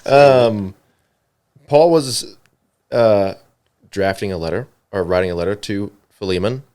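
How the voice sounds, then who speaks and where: A young man with a lowish voice chats on a church podcast. He talks in a relaxed, rambling way full of fillers and turns his thoughts into questions for his co-host. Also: measured pace, clean tone. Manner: conversational, many fillers, asks questions. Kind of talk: casual podcast discussion.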